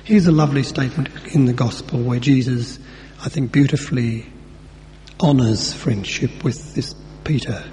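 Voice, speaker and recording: Preacher in a reverberant hall. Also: male voice, medium pitch, moderate pace, mellow. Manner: conversational, acts out dialogue with colloquial asides. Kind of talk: sermon. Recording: long hall reverb, faint hum.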